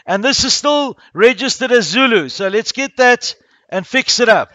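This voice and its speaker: A man's voice: very high voice, expressive, moderate pace, bright, forceful tone, no room sound. A man teaching a primary school coding class, talking the pupils through each click step by step.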